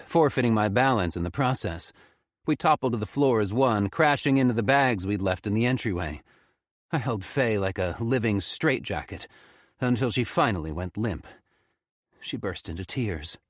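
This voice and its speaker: Low-voiced man narrating horror. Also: normal speed, no room sound, clean studio sound. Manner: expressive, tense storytelling. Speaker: audiobook narrator.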